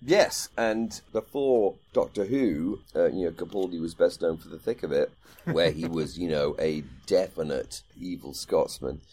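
A man with a very deep, dark, mellow voice co-hosts a podcast in loose, friendly chat. He rambles and thinks out loud, circling back with ums and restarted phrases as he works toward his point. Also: measured pace. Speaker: podcast co-host. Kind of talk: casual chat.

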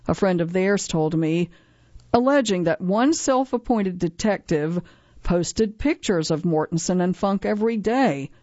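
A woman reads a scripted news feature in a steady, measured voice. The recording is dry, slightly dull, and somewhat low in level.

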